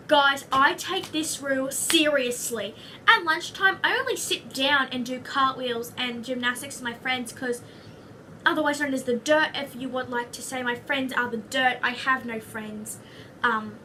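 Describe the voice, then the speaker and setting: A young Australian woman talks to her camera in a high, bright voice, rambling from one goofy aside to the next. She sits a little back from the mic, and faint room noise hangs behind her. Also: distant mic. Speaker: vlogger. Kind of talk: casual chatty vlog.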